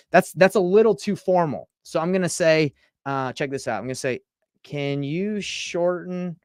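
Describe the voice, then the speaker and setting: A man's voice: medium pitch, smooth, no echo, studio quality. A man in his thirties from Utah, teaching on a live stream in a casual, chatty way and reading out text messages. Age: 30s. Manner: casual, chatty, reads texts aloud and reacts. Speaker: real estate coach. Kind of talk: live-streamed screen-share tutorial.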